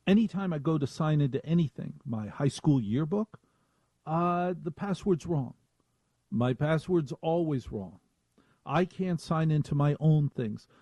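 Mellow-voiced male talk radio host. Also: on the high side, a little slow, no echo, muffled recording. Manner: rambling, self-mocking, animated.

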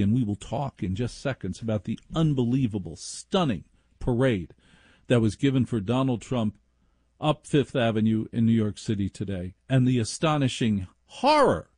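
A man hosting a radio talk show from his home, rambling sardonically and mocking listeners in high put-on voices. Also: warm tone, husky, no room sound, clean studio sound. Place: home laundry room studio.

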